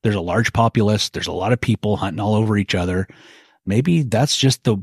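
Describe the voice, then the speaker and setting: A middle-aged man, a guest, telling a hunting story in a folksy, animated way and acting out quotes. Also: on the low side, fairly quick, slightly rough, no room sound, studio quality. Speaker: guest elk hunter.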